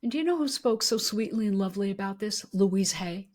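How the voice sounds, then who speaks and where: A woman's voice: mid-range voice, expressive, a little fast. Chatty woman hosting a podcast. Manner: warmly affirming, frequent "mm-hmm" and "yeah". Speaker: podcast host. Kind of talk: casual conversational interview.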